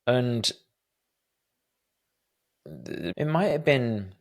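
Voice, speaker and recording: In a mid-range, expressive voice, a man in his thirties answers listener questions on his solo podcast, speaking extremely slowly. He comes across as reflective and hesitant, leaning on fillers and frequently starting over.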